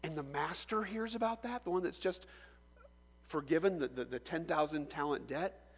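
Gravelly high-voiced man preaching. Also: moderate pace, long reverb tail. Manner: animated storytelling with rhetorical questions. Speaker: pastor. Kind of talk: sermon.

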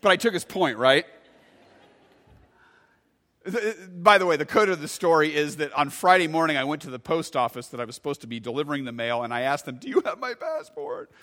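A man, preaching a sermon and telling a story with sudden loud bursts. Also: on the high side, fairly quick, big-room sound. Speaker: pastor.

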